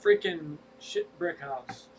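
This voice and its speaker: A man's voice: very high-pitched, wildly swooping pitch, slow pace, gravelly, recorded from a distance, rough recording. A man co-hosting a casual livestream chat, rambling and restarting as he talks, set back from the mic with faint noise behind. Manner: rambling, restarts often, stretches words when stressing them. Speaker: co-host of a fish rescue livestream.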